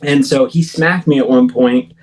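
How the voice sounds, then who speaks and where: A man's voice: mid-range voice, normal speed, a little mellow, low-quality recording. A man in his thirties, an interview guest, telling a personal story vividly, with frequent halts and restarts. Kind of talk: recounting a personal experience in an interview.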